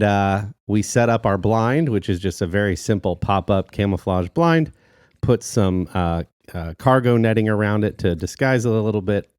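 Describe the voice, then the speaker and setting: A deep-voiced podcast co-host tells a story in casual chat, animated, acting out quotes and laughing often. The recording is dry and of studio quality.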